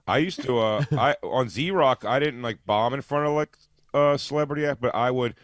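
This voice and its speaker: A man telling rambling anecdotes in casual radio chat, halting and restarting. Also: medium pitch, no room sound.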